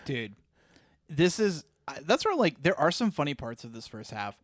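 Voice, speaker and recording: Excitable man, fairly high voice. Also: moderate pace, no room sound, clean studio sound. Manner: excited, laughing, rambling. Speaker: podcast co-host. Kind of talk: casual movie review chat.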